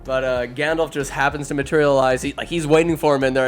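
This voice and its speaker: A man's voice: medium pitch, steady tone, quick pace, soft background music. Crude, rambling male comedy podcaster. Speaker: podcast host. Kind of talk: comedic movie recap.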